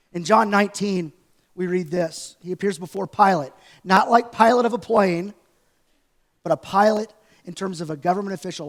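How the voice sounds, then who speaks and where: A pastor delivering a sermon in a church in a loose, conversational way, retelling scenes with animated asides. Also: male voice, sits high. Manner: conversational, animated storytelling preacher. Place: church sanctuary.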